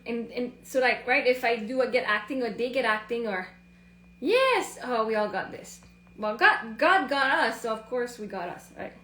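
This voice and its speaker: A woman with a high voice talks in a loose, rambling way, hosting a casual live chat. She often slips into acting out her own inner thoughts. The sound bounces around an echoey room. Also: a bit bright. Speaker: live stream host.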